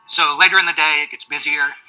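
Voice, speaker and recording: A man giving a documentary interview, telling a story in a relaxed way. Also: on the high side, fast talker, faint music behind, low-quality recording. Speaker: bar staff interviewee.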